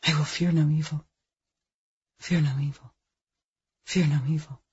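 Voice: medium pitch, animated, moderate pace, a little mellow, husky, no room sound. A narrator voicing a traumatized young woman who numbly whispers a prayer. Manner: whispered, numb repetition. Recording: dull lo-fi recording.

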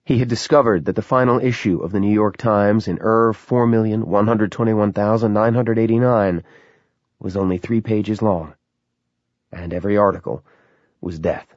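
A male narrator reads a story in a low voice, measured and steady. The recording is dry, with a dull, lo-fi tone. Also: dry recording. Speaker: audiobook narrator. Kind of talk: scripted narration.

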